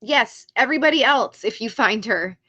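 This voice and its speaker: A woman hosting a live stream, chatting casually and excitedly to her chat viewers. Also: fairly high pitch, normal speed, no room sound, highs cut off.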